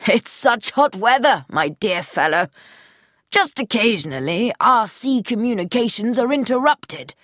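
A woman's voice: a little high, animated, unhurried, a bit bright, no echo, clean studio sound, voice pushed up. A woman voicing a cold, mocking middle-aged male commander who turns falsely genial, in an audiobook reading. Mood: menacing.

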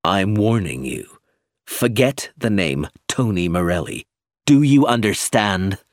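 A man reading an audiobook, voicing a guarded ex-convict in a low, clipped, menacing way. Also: expressive, slow, dry recording, clean studio sound. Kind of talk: audiobook character voice.

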